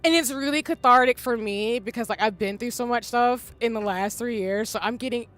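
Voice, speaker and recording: A woman's voice: on the high side, fairly quick, fairly bright tone. A woman streaming a game who is crying. She gushes and sounds overwhelmed, swinging between wailing and mumbling into her desk microphone. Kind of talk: live gameplay reaction.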